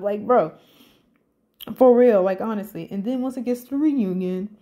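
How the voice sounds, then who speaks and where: A woman giving casual, profane commentary on a reality show, animated and incredulous. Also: fairly high pitch, normal speed.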